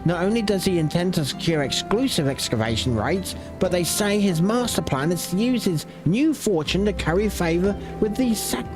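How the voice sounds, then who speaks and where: A man's voice: high-pitched, lively intonation, normal speed, hardly any pauses, music in the background. A man voicing a gossipy, scheming rumormonger while reading game dialogue aloud, stumbling now and then on long names. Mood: sly, eager.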